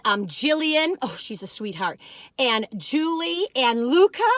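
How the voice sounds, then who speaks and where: High-voiced chatty woman, dry close sound. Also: dry recording. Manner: folksy, warm-hearted, says "you all" often. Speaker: food review vlogger. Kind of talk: chatty cookie taste-test vlog.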